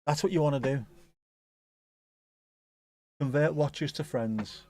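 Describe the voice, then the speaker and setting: A man's voice: a little high, a little slow, a little mellow. A man chatting casually through a live football watch-along, rambling, joking and swearing freely. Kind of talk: casual live match commentary chat.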